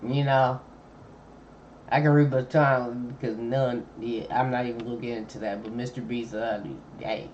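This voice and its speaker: Un homme qui commente une vidéo en direct, avec un ton décontracté et un argot détendu. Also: male voice, medium pitch, level tone, moderate pace, noisy background. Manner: laid-back slangy chatter, thinking aloud. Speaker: streamer. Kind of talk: casual live-stream reaction commentary. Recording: dull lo-fi mic with faint ambience.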